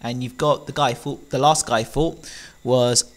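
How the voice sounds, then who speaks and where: A man giving opinionated boxing commentary to camera, animated and full of rhetorical questions, with frequent ums. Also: medium pitch, unhurried.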